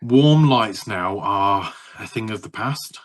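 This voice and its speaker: A man's voice: on the low side, animated, slow pace. A man in his thirties, co-hosting a podcast, rambling through stories with laughter and swearing. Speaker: podcast co-host. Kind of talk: casual chat.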